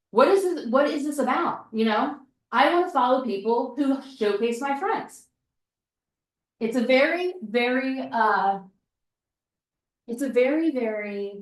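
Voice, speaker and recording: A woman presenting a workshop in a casual, animated way, often saying "like" and "right?" and repeating points for emphasis. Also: fairly high pitch. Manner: chatty and animated, fond of "like" and "right?". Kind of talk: casual seminar talk. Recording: echoey room, mic at a distance.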